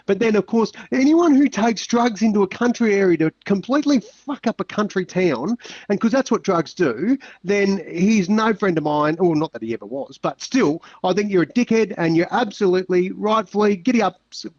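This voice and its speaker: An older Australian man co-hosting a podcast, blunt and crude, quick to swear and rib his mate. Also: sits high, lively intonation, a little mellow, dry recording. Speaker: podcast co-host. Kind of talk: casual podcast banter. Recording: dull, dry lo-fi sound.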